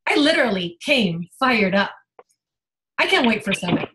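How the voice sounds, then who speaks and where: A woman's voice: a little high, big pitch swings, moderate pace, a bit bright, poor audio. A woman health coach giving an emotional, rambling personal testimony on a team video call.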